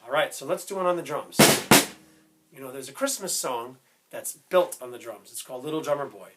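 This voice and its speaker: A man teaching a step-by-step music lesson who explains slowly, keeps checking in with "right?" and breaks into short sung snippets. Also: mid-range voice, very noisy. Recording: loud instrument playing behind the voice.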